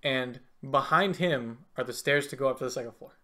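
Halting game master full of fillers. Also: mid-range voice, sharp tone. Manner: halting, many fillers and restarts, laughs between lines. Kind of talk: narrating a tabletop game.

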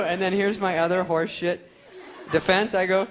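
A man's voice: high voice, steady tone, moderate pace. A man doing stand-up comedy on a theater stage, sarcastic and self-mocking. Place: theater stage before an audience. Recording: live concert recording with crowd. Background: audience laughter.

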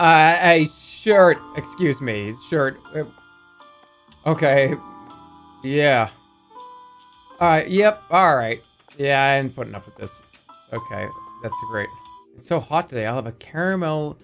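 A man in his thirties playing a video game, swearing and swinging between low mutters and excited yelps. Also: takes it slowly, pauses often, soft background music. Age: 30s. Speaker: streamer. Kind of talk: let's play commentary.

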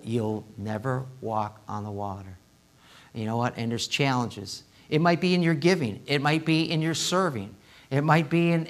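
A male pastor preaching a sermon in a church, swinging from hushed asides to loud, impassioned appeals. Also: medium pitch. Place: church sanctuary.

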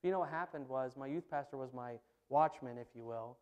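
A man preaching a sermon in church, telling stories in an animated, emphatic way. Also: mid-range voice, brisk, clear, resonant tone, lo-fi sound. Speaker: pastor. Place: church sanctuary.

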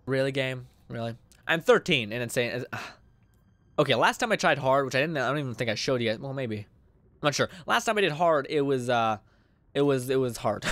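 A man's voice: medium pitch, fairly bright tone, dry recording. Chatty young gamer guy. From Canada. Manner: rambling and chatty, lots of fillers and swearing. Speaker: gaming channel host. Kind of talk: casual let's-play commentary.

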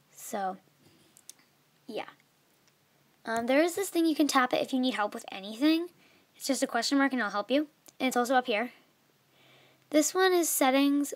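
A young woman explaining an app in a casual, chatty way, with many fillers and a voice that trails off softly. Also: fairly high pitch, no echo. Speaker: video tutorial maker. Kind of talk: casual screen tutorial.

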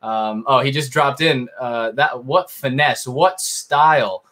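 A man's voice: mid-range voice, slow pace, a bit bright. A man hosting a casual interview, asking long, loose, wandering questions and laughing easily. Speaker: host.

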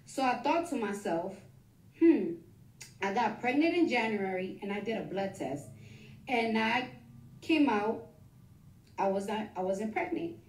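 A woman with a fairly high voice tells a personal story in loose, rambling bursts, full of restarts and the odd curse. She sits back from the mic, and the echoey recording carries a clear room sound. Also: far from the mic. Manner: rambling, rapid, many restarts and profanity. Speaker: interviewee telling a personal story. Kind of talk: casual storytelling.

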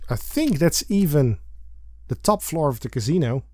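Playful, lively man playing a game. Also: on the high side, moderate pace, dry recording. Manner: playful, giggly, sings and reads lines with silly emphasis. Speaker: let's play host. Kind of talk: let's play commentary, reading game text aloud.

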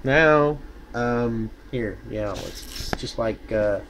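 A man's voice: medium pitch, extremely slow, fairly bright tone, a little hiss or hum. A man vlogging in a casual, rambling way, sarcastic and full of cussing and self-mockery. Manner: sarcastic, profane, self-mocking.

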